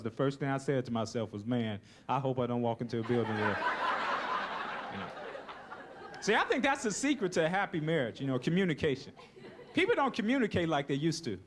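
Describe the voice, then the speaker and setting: A young man doing a laid-back stand-up comedy routine on stage. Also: fairly high pitch. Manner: laid-back, keeps saying "you know, man". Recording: noisy live recording.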